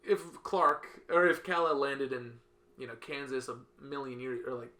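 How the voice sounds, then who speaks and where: Male podcast host, bright tone, animated storyteller. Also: normal speed. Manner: animated storyteller, acts out characters with loud high voices. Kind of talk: casual podcast chat.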